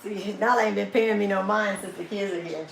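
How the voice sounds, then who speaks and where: A woman's voice: mid-range voice, fairly even intonation, fairly quick, gravelly, slight background noise. A woman, chatting casually on a home livestream, laughing often and cooing at her dog. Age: 50s. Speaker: vlogger hosting a live chat. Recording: echoey room with faint ambience.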